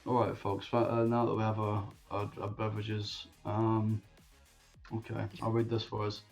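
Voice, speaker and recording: A man voicing a weary, dutiful veteran male detective in a tabletop game, speaking in a measured, hesitant way. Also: fairly low pitch, monotone, vocal fry, darkish tone, faint music behind. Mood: matter-of-fact. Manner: measured, hesitant speech with restarts. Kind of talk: tabletop role-play in character.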